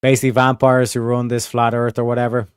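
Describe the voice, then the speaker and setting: A man's voice: mid-range voice, monotone, fast, smooth, dry recording, studio quality. A man from California with a rural, Southern-tinged accent, rambling and swearing as he chats with his stream audience. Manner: profane, rambling, talks to chat. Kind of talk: casual livestream commentary.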